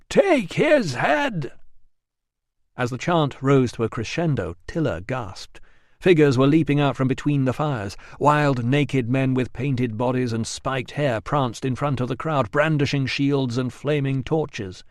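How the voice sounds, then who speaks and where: A man narrates an audiobook from a script, reading in a measured, expressive way. His voice sits in the mid-range, and the recording is studio quality with no echo.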